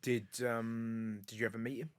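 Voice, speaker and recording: A male host in casual conversation, relaxed, prompting his guest with short questions and agreements. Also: mid-range voice, normal speed, dry recording. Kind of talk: casual chat.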